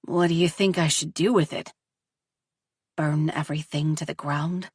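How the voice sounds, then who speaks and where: A woman's voice: low-pitched, steady tone, normal speed, slightly rough, no echo, clean studio sound, recorded from a distance. A woman reading the lines of an earnest teenage boy in a storybook, speaking plainly in her own voice. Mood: subdued. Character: teenage boy, son, shaken but hopeful.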